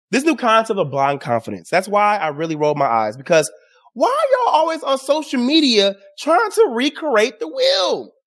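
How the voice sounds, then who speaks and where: A man's voice: extremely high pitch, a bit bright. A man hosting his own show, giving casual opinion commentary in a sarcastic, exasperated way and addressing his audience directly. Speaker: show host.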